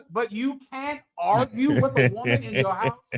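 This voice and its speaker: A man's voice: extremely high pitch, very animated, measured pace, breathy edge. A man leading a scripture class, preaching in a brash, joking way with lots of rhetorical questions, often laughing at his own jokes. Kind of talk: provocative preaching to a live chat.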